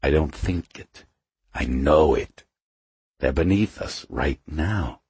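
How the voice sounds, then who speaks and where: A man's voice: extremely low pitch, slow, a little mellow, slightly rough, dry recording, exaggerated voice. A male narrator voicing a sly, suspicious leader of an underground community, speaking in a silky hiss. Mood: hushed. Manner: silky hissing voice; suspicious, cackling, grim.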